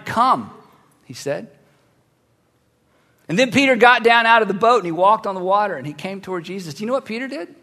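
A man preaches with a high-pitched voice, acting out the Bible dialogue in an animated way and dropping from loud bursts to hushed asides. His voice carries a long reverb through a large church auditorium. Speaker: pastor. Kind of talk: sermon.

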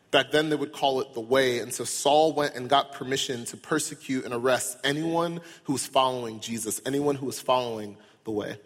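A man preaching a sermon, animated and at times rising into exclaimed disbelief. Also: medium pitch, slightly rough. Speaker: pastor. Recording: long hall reverb.

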